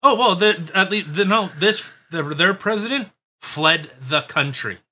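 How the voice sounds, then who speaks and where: Blunt, bright-voiced man. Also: high-pitched, animated, a little slow. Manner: blunt, sarcastic, profane. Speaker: podcast host. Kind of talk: casual chat.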